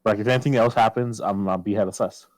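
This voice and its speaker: The recording here is low quality with no echo, capturing a man with a fairly low voice and fairly even intonation speaking quickly. He tells a personal story in casual podcast chat, swearing often and loudly quoting what he once said.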